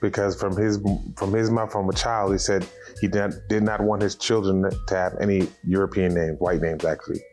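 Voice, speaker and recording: Male rapper from New York, deep, even delivery, opinionated. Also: soft background music. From Harlem, New York. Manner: measured, firm and opinionated. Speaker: rapper, interview guest. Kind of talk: interview answers. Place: radio studio.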